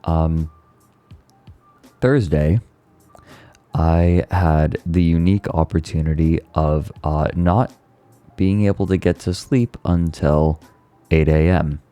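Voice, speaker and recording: Very deep-voiced, rambling male streamer. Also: steady tone, slow pace, long pauses, warm tone, clean tone, dry recording, soft background music. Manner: rambling, stumbling over words. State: tired. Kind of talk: casual chat.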